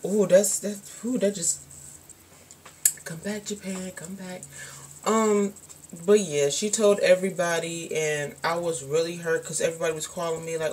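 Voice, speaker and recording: A young woman talks straight to camera in a loose, unscripted storytime vlog. Her voice sits a little low, and she speaks bluntly in slangy, colloquial speech, with frequent swearing and "like" fillers. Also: moderate pace, darkish tone. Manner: blunt and frank, swears freely, many fillers. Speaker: vlogger.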